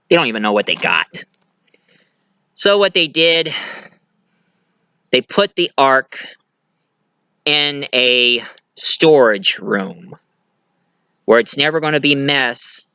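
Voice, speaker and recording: Bright-voiced man rambling through a review. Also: medium pitch, lively intonation, slow pace, pauses often, clean tone, dry recording. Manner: rambling plot retelling with fillers. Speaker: movie reviewer. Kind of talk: casual movie review.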